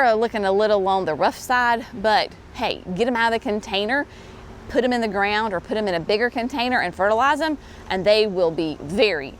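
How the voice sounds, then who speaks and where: A woman's voice: mid-range voice, slight background noise. Chatty woman touring a plant nursery. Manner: chatty, enthusiastic, says y'all. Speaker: garden center host. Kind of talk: casual walkthrough video.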